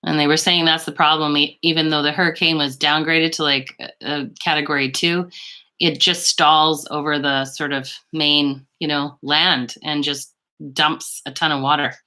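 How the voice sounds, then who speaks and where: A woman's voice: deep voice, level tone, moderate pace, pushed and bright. A woman hosting a casual beauty livestream from her bedroom on a laptop, chatting with viewers in a rambling, gushing way with little laughs. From Canada. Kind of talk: casual live chat with viewers. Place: home bedroom. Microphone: laptop microphone.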